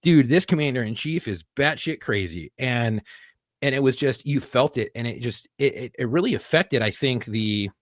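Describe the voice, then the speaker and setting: A man's voice: mid-range voice, lively intonation, normal speed, no room sound. Profane laid-back man from California. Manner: laid-back, profane, says "dude" a lot. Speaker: podcast host, Marine veteran. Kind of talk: casual chat. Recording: dry close-miked sound.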